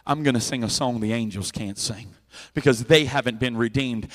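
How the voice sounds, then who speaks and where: A man's fiery revival sermon, delivered in a high voice through a church microphone. He swings between booming declarations and hushed asides, piling up repeated words as he builds. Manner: loud, impassioned, swings between shouting and quiet asides; repeats words in rapid runs. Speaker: revival preacher. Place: church sanctuary with a sound system. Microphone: handheld or stand microphone, volume adjusted by the sound man.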